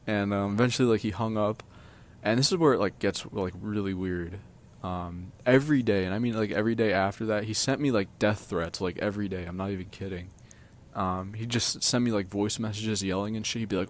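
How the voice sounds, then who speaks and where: Low-voiced man rambling through a story. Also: fairly quick. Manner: rambling, filler-heavy, profane. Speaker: vlogger telling a personal story. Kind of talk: casual storytime.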